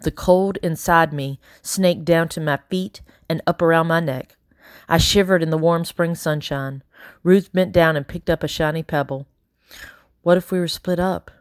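A woman narrating a first-person audiobook in a steady, quietly dramatic way. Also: low-pitched, normal speed, no echo, studio quality. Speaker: audiobook reader.

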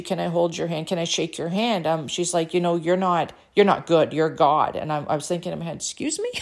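A middle-aged woman from Canada telling a personal story with deep emotion, earnest and encouraging, her mouth dry. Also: gravelly, darkish tone. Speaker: author and speaker sharing a personal story.

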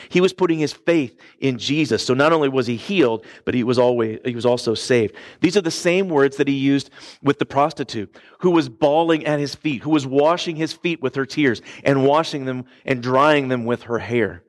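A man's voice: mid-range voice, moderate pace. A man preaching a sermon earnestly, swinging his voice up and down for emphasis and checking in with the congregation. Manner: asks the congregation for response. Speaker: pastor.

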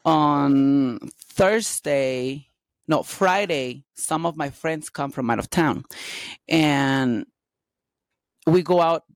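A woman telling candid personal stories as an interview guest, lively and quick to act out the dialogue. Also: deep voice, no room sound. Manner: animated, acts out dialogue in quotes.

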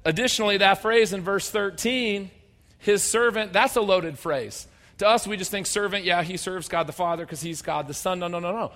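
A man preaching a sermon as pastor, conversational and humorous, swinging between loud emphatic bursts and quiet low asides. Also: moderate pace. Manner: conversational and humorous, acting out people's voices.

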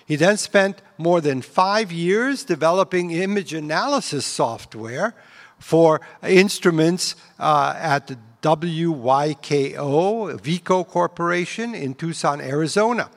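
A man hosting an event, reading a measured prepared introduction of the guest speaker in a big auditorium. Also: on the high side, lively intonation. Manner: measured, reads a biography. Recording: long auditorium reverb.

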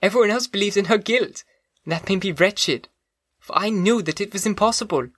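A man's voice: sits high, fairly quick, a bit bright, dry recording, clean studio sound, voice pushed up. A man voicing an earnest, grieving young woman. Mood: pleading. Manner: pleading, emotional. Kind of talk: audiobook character reading.

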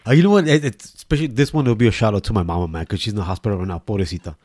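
A man's voice: fairly low pitch, very fast, a little mellow, no echo. A man, co-hosting a podcast and telling a profane, laughing comedy story. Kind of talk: casual storytelling chat.

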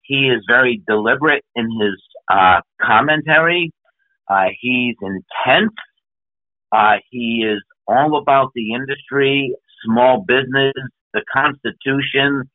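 A man's voice: medium pitch, unhurried, no echo. A man from New England, a podcast guest, talking enthusiastically in a storytelling way with lists of topics. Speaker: podcast guest, business speaker. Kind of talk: conversational interview. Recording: phone-like narrow band.

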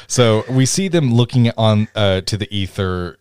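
A man with a low voice hosts a casual movie podcast. He is animated and keeps slipping into funny voices to act out scenes. The sound is dry and close, with no room echo. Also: unhurried, few pauses, clear, resonant tone. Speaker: podcast host. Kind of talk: casual chat.

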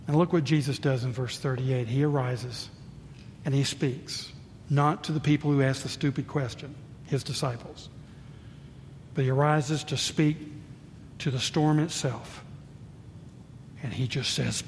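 An older man preaching a sermon as pastor, swinging between booming emphasis and hushed asides. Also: moderate pace. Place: church sanctuary. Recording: reverberant church hall, faint rumble.

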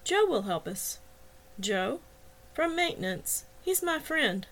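A woman's voice: sits high, takes it slowly, pitched above the performer's own voice, full character voice. A woman reading as bubbly young dorm organizer. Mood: excited. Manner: excited and chatty.

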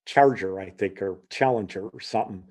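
A man's voice: fairly low pitch, fairly quick, a little hiss or hum. A middle-aged man from Chicago telling a personal story in a casual way, acting out the voices of the people in it. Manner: animated, acts out the voices in his story.

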